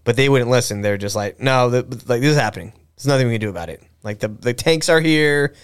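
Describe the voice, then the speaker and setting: A man's voice: mid-range voice, quick pace, clear, resonant tone. A young man co-hosting a podcast, telling a history story in a loose, rambling way with fillers, restarts and swearing. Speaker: podcast co-host. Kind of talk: casual conversational storytelling.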